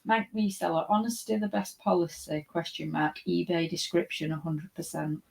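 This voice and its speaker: A teasing woman co-hosts a casual livestream and reads out viewer comments. Her voice sits a little low for a woman. She laughs easily and bickers playfully with her co-host. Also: fairly even intonation, moderate pace, vocal fry, darkish tone, rough recording. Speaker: co-host of a live reselling show. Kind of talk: casual live-stream chat, reading viewer comments.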